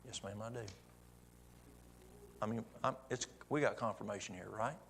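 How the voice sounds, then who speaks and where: Gravelly man telling a church testimony. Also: on the low side, moderate pace, fairly bright tone. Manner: folksy testimony storytelling with quoted dialogue. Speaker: church speaker. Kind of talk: sermon storytelling.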